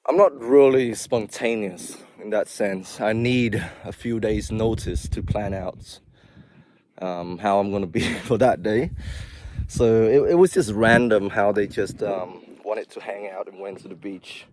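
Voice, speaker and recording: A man's voice: on the low side, measured pace, darkish tone, a little hiss or hum. A young man who works in healthcare, talking casually and confessionally to his viewers while out of breath, rambling with frequent asides. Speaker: vlogger, healthcare worker. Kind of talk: casual talking-to-camera vlog.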